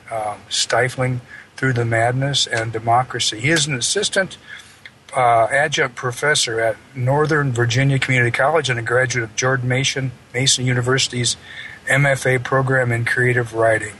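Man, radio host, bright voice, halting and rambling, faint background noise. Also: medium pitch, steady tone, poor audio. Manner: halting, rambling, full of fillers and restarts. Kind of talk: live radio hosting.

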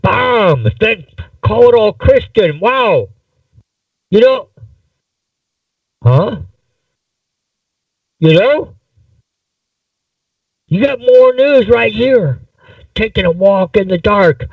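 A man voicing an agitated male prisoner who rambles in a sarcastic, jumpy way in a much higher voice. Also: expressive, drawn-out words, gravelly, long pauses, husky, no room sound, distant mic, phone-quality sound, exaggerated voice. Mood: bitter.

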